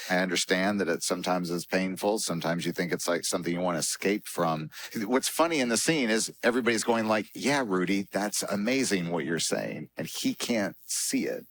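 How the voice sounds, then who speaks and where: A man, a film director, speaking thoughtfully on a panel, pausing and restarting as he works through ideas. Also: low voice, fairly bright tone. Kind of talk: panel discussion.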